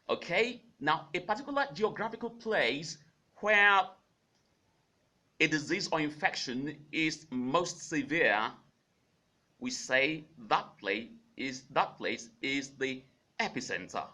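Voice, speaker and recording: A man hosting a radio pronunciation lesson, repeating each word slowly several times and humming out the syllable rhythm. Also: fairly high pitch, big pitch swings, pushed and bright. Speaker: pronunciation teacher, radio host.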